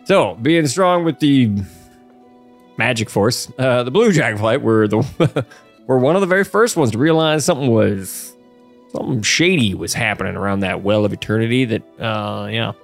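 Male host, goofy rambling storyteller, lively pitch. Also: moderate pace, faint music behind. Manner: goofy, rambling storyteller who laughs often. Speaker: podcast host. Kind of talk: casual lore chat.

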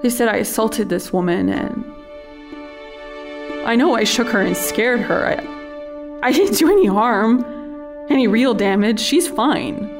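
A burnt-out paramedic. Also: female voice, on the high side, expressive, music in the background. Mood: weary. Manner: halting, confessional, rising to frantic yelling. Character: burnt-out female paramedic, restless and unraveling. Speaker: paramedic Anna. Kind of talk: audio drama monologue.

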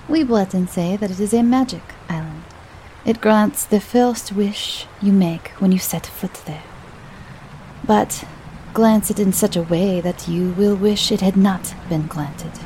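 A woman voicing a grave middle-aged male Breton innkeeper who speaks slowly and sinks into hushed whispers. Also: medium pitch, a little hiss or hum, rough recording. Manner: slow, solemn, drops to a whisper.

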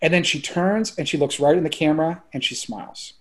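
Excitable rambling man, slightly high voice. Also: brisk. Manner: excitable, rambling, peppered with "like" and swearing. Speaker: filmmaker guest. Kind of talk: casual podcast conversation.

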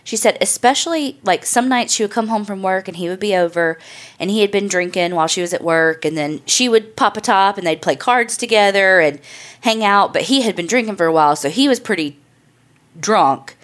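A woman's voice: mid-range voice, expressive, brisk. A woman hosting a podcast, telling a true crime story in a casual, chatty way, loose and profane with lots of "like" and "I mean". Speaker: podcast host.

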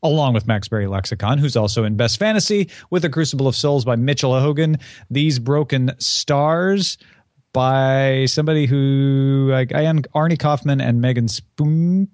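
A middle-aged man co-hosting a book podcast, joking around and laughing easily. His pitch is middle of the road. The sound is close and dry, with no roominess. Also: normal speed, a little mellow, no echo. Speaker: podcast co-host. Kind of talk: casual chat.

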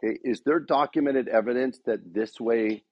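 A man's voice: mid-range voice, normal speed, husky, no room sound, muffled recording. A man giving a motivational talk to a sales team, rousing the room with repeated rhetorical questions. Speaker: speaker addressing a dealership sales team.

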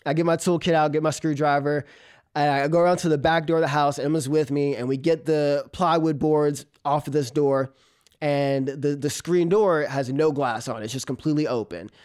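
A man, a comedian, telling a personal story on stage in an animated way, often laughing and imitating a cat's meows. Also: on the high side, moderate pace, clear, resonant tone. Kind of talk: live storytelling.

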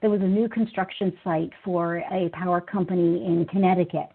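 A woman's voice: fairly low pitch, steady tone, brisk, husky. A woman hosting a webinar, setting up the topic earnestly and introducing the speakers. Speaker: webinar host. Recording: tinny phone-like audio.

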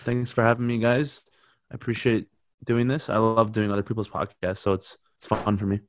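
A young adult man guesting on a podcast as a comedian, talking in a laid-back, halting way with lots of fillers. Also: fairly low pitch, little pitch movement, no echo, clean studio sound. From Canada. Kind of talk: casual chat.

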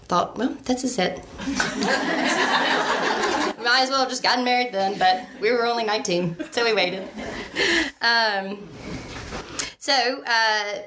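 A woman tells her own story in a relaxed, chatty way. She laughs often and fills her pauses with ums. Her voice sits at a middle pitch with a gravelly fry, over a faint hiss in the background. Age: 30s. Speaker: mother telling her story. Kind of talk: casual personal storytelling.

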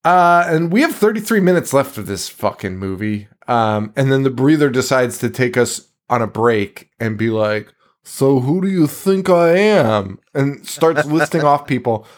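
A man's voice: medium pitch, expressive, normal speed, hardly any pauses. Profane ranting podcast man. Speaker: podcast co-host. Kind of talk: casual movie recap chat.

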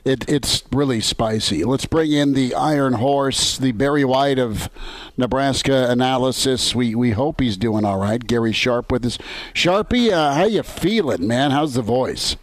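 Jovial radio host rambling from home. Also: male voice, medium pitch, lively intonation, a little slow, dry recording, low-quality recording. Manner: rambling, stumbling restarts, jovial. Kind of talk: casual sports radio chat. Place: his home kitchen.

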